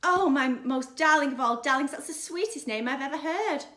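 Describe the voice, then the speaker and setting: A woman's voice: on the high side, big pitch swings, moderate pace, reverberant. Woman doing a gushing doting mother. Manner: gushing, sing-song.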